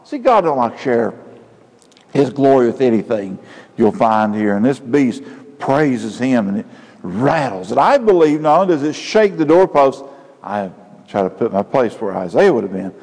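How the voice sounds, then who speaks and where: A male pastor preaching a sermon, building to loud emphatic peaks. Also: mid-range voice, expressive, normal speed, breathy edge. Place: church sanctuary. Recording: church hall with long reverb.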